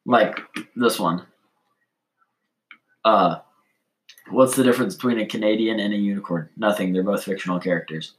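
A man with an ordinary mid-range voice trades jokes in a relaxed conversation. He keeps a dry, teasing edge, quick to toss in a sarcastic aside. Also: on the low side, a little hiss or hum, low-quality recording. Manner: wry, teasing, quick to joke. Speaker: co-host. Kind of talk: casual comedic chat.

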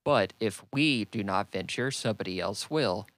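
A man's voice: fairly low pitch, normal speed, a bit bright, no room sound, natural voice. A man voicing a wry, teasing middle-aged father with a dry manner.

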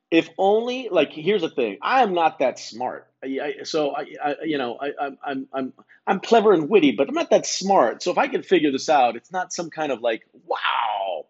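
A man's voice: on the high side, animated, fairly quick, darkish tone, husky, dull audio. A man hosting a solo podcast, rambling through a laid-back, profane monologue full of stammered restarts. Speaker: podcast host.

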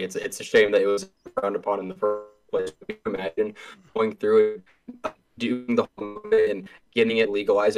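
A man guesting on a casual podcast, tossing out joking asides between his points. His voice sits on the lower side. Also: rough recording.

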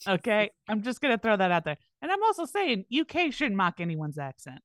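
A woman's voice: medium pitch, sing-song, a little fast, fairly bright tone, no room sound, clean studio sound. A woman co-hosting a podcast, in casual chat with joking, opinionated banter. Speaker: podcast co-host.

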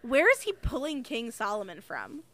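A woman chatting casually about a book with a friend, animated and sarcastic, swearing freely. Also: on the high side, normal speed. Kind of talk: casual book discussion chat.

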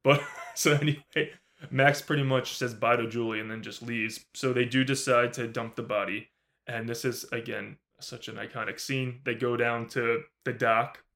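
A man co-hosting a podcast, recapping a horror film in casual, animated talk, swearing often and acting out the characters' lines. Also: mid-range voice, normal speed, vocal fry. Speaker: podcast co-host. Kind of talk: casual movie review recap.

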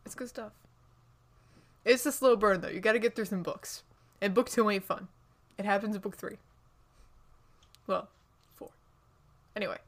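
A woman's voice: medium pitch, normal speed, pauses often. A woman co-hosting a podcast in casual book chat, gushing and chatty, often restarting her sentences. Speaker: podcast co-host.

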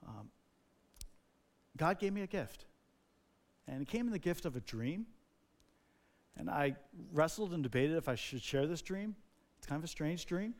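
Male pastor from New Jersey, fairly high voice, sermon told as earnest personal story. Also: lively intonation, normal speed, pauses often.

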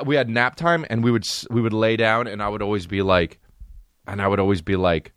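A young man hosting a podcast, telling rambling, profane stories in a casual comic way with animated bursts. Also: sits low, fast talker, dry recording, studio quality. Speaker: podcast host. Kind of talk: casual comedic storytelling.

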